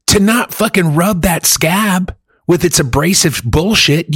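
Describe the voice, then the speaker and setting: A man's voice: on the high side, husky, no echo, clean studio sound. A man in casual chat, ranting about movies with heavy profanity.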